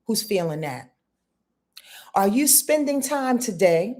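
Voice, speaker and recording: A woman's voice: mid-range voice, big pitch swings, takes it slowly, darkish tone. A woman astrologer hosting a live-stream forecast, talking straight to her viewers with emphatic repeats and rhetorical questions. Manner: talks straight to viewers in chat. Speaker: astrologer host.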